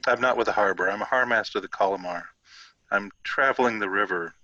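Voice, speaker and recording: A man in a tabletop role-playing game speaking as his character, hesitant and polite. His voice is bright and somewhat low. The sound is dry and lo-fi, like online audio. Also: a little fast, no echo. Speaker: player.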